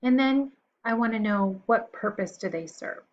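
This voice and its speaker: A woman teacher giving a recorded lesson to young children, patient and encouraging, pausing for answers. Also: on the high side, expressive, lo-fi sound.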